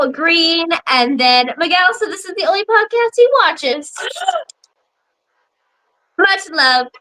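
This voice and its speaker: A woman's voice: high-pitched, pushed and bright, low-quality recording. A woman co-hosting a podcast, reading chat comments aloud in a casual way and laughing often.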